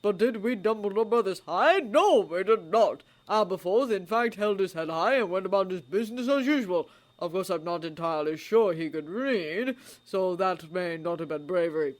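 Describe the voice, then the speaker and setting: Woman putting on a calm, wry old headmaster wizard. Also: mid-range voice, natural voice. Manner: pleasant, measured, dryly humorous.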